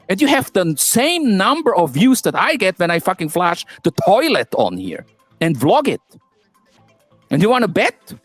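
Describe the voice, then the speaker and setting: A man's voice: high-pitched, no room sound. A man delivering a contemptuous, profane, taunting rant. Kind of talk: angry insulting rant.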